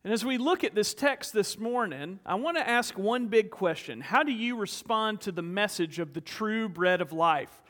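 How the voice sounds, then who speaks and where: Pastor, male, fairly high voice, earnest storytelling sermon in an echoing sanctuary. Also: animated, moderate pace, hardly any pauses, fairly bright tone. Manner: storytelling, earnest, rhetorical questions. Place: church sanctuary.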